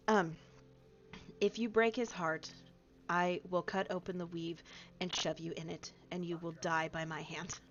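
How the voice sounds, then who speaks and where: A woman voicing a fiercely protective, blunt woman who issues slow, deliberate threats, on a muffled recording. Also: fairly low pitch, steady tone, faint music behind. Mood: menacing. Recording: muffled lo-fi audio.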